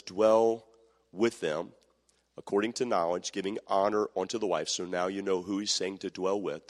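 A man preaching a sermon, reading scripture and calling on the congregation to answer back. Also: on the low side. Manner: calls for answers from the congregation, acts out quoted voices. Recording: long hall reverb.

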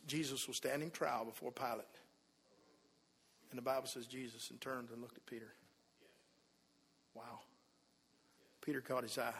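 A man preaching a sermon in a church, telling the story and acting out the people in it, dropping to a hush and then rising loud again. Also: medium pitch, breathy edge. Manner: storytelling, acts out quoted voices, swings from hushed to loud. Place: church sanctuary. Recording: long hall reverb.

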